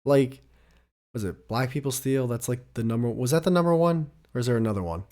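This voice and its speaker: A man hosting a casual podcast, talking in a teasing, animated way and often cutting in over his co-host. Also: medium pitch, brisk. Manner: teasing, animated, talks over the other speaker.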